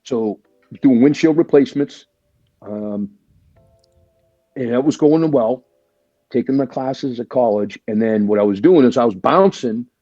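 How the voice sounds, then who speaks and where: Casting note: man in his forties, an animated interview guest, warm husky voice on a dry, somewhat muffled podcast mic. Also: mid-range voice, a little slow, pauses often, dry recording, soft background music. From Boston area, USA. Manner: chatty and animated, swears freely, leans on "right?" and "like". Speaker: guest, military veteran. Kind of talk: casual storytelling interview.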